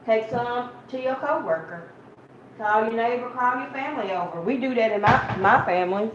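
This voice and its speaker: Speaking at a moderate pace in a slightly high voice, a woman delivers a chatty, informal sermon retelling a Bible story. She keeps saying "y'all" to her listeners and dramatizes the quotes. The sound is muffled and roomy, with faint hiss underneath.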